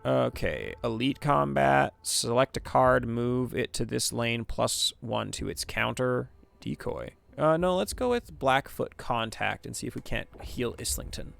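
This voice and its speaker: A man's voice: medium pitch, expressive, normal speed, vocal fry, hardly any pauses, a bit bright, slight background noise. A man giving casual let's-play commentary, reading the game text aloud and chatting about his choices. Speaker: gaming streamer.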